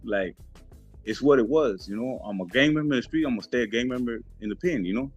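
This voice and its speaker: A man's voice: mid-range voice, lively intonation, fast talker, breathy edge. A man as a podcast guest, telling a story casually in street slang, laid-back and acting out what others said. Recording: muffled with faint music.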